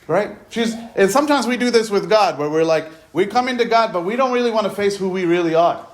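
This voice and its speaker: A man's voice: sits high, expressive, a little fast. Conversational man preaching a sermon. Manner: conversational, retells scripture in his own words; repeats words and restarts often.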